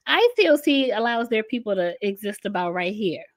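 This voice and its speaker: A woman giving an animated talk, explaining with a diagram, repeating phrases for emphasis and now and then dropping into mock voices. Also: medium pitch, fairly quick. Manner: emphatic, breaks into laughs, repeats phrases for stress; casual, mock voices when quoting. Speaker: speaker on a panel about a church group.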